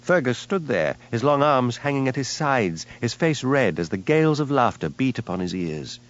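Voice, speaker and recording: A man narrating an audiobook with an expressive, varied delivery. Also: mid-range voice, normal speed, dull audio. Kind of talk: scripted narration.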